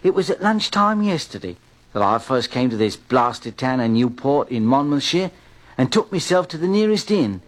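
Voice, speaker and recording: A man's voice: mid-range voice, sing-song, normal speed, close to an everyday voice. An actor playing a poor, wry drifter who narrates his own tale, in 1940s radio style. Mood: storytelling. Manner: wheedling, folksy storyteller.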